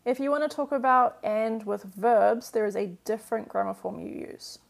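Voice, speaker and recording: A woman's voice: fairly high pitch, normal speed, creaky. A woman teaching a live-streamed language lesson, patiently explaining grammar and answering viewer questions with lots of "um" and "like".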